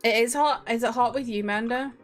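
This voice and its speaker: Streamer: young Scottish woman, higher-pitched, casual chatty delivery with faint music behind. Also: a little fast. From Scotland. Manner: chatty, laughing, swearing casually while greeting chat. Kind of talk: casual livestream chat. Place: home room.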